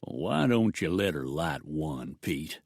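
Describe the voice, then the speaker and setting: Leering outlaw henchman, coarse lazy drawl, slow pace, a man putting him on. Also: very deep voice, sing-song, creaky, no room sound, studio quality, voice pushed down, exaggerated voice. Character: crude, leering male outlaw.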